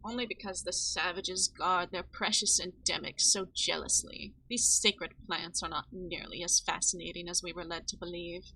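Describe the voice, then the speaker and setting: A woman's voice: fairly low pitch, fairly even intonation, moderate pace, hardly any pauses, sharp tone, slight background noise, poor audio. A woman doing a scornful, pompous botanist woman. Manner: scornful, pompous, wavering put-on accent. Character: haughty, contemptuous young female botanist. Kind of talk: reading game dialogue aloud.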